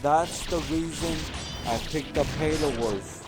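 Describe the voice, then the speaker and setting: A man's voice: fairly high pitch, unhurried. A man doing casual gameplay commentary as a let's play host, rambling and correcting himself as he goes. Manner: rambling, self-correcting storyteller. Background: game music playing.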